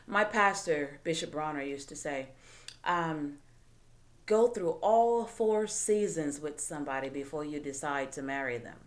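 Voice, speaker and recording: A woman hosting a live advice show, talking emphatically and asking rhetorical questions. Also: mid-range voice. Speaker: host.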